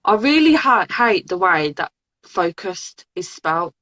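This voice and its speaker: A woman's voice: lowish voice, big pitch swings, slow pace. A woman hosting a live writing interview on a video call, listening closely and murmuring agreement. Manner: warm listener, lots of soft agreement sounds. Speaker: host. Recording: muffled lo-fi call audio.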